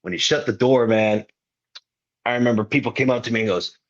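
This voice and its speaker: A young man, a wrestler appearing on a podcast, does casual storytelling, slangy and animated, acting out people's quotes. His mid-range voice moves briskly, and the sound is lo-fi.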